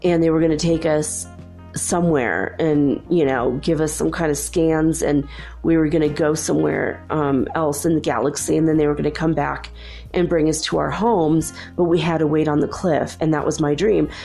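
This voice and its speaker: Low gravelly woman telling a story. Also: fairly even intonation, moderate pace, mellow, faint music behind. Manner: rambling, self-correcting, many fillers; earnest, confiding. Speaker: channel host. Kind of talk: casual personal storytelling.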